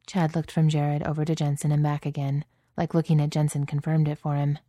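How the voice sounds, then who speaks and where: A woman reading a story aloud in calm, even narration. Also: sits low, fairly quick, dry recording, studio quality. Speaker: audiobook reader.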